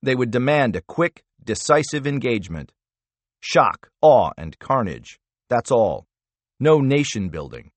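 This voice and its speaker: Expressive male audiobook narrator. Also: medium pitch, measured pace, dry recording.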